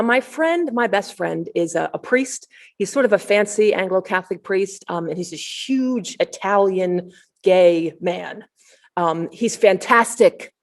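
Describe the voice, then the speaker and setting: Lively, animated woman preaching. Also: medium pitch. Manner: storytelling, animated, rising to near-shouting excitement. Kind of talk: sermon. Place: online service, shared screen.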